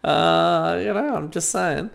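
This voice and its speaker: A man co-hosting a casual video game podcast, joking and getting animated. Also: a little high, slow, gravelly. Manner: joking, animated when riled up. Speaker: podcast co-host. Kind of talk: casual chat.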